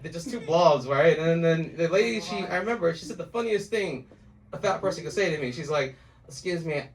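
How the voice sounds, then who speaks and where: A man's voice: on the high side, animated, fairly quick, distant mic. A man doing stand-up, rambling and profane, laughing at his own jokes. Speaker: stand-up comedian. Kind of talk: stand-up storytelling.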